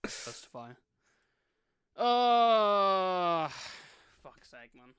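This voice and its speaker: A man's voice: high-pitched, sing-song, very slow, a bit bright, clear, resonant tone. Man reading a statement aloud.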